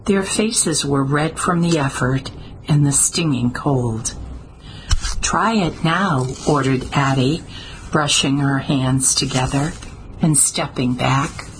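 A woman narrating a story in a steady, measured way, with small slips now and then. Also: extremely low pitch, slight background noise, poor audio. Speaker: audiobook narrator. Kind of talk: scripted narration.

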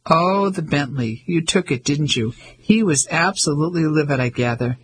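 A man reading a polite young English gentleman. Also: on the high side, expressive, moderate pace, slight background noise, natural voice. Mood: easygoing. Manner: polite, upper-class, chatty.

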